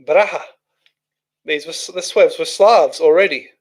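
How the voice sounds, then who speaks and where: Chatty man, slightly high voice. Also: measured pace. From Australia. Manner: chatty, rambling, thinks aloud with restarts. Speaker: livestream host reading chat. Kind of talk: casual live chat.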